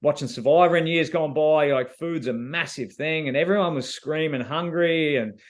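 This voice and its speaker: A man's voice: fairly high pitch, normal speed. An Australian man answering interview questions as a reality show contestant, telling his story in a laid-back, slangy way with lots of fillers.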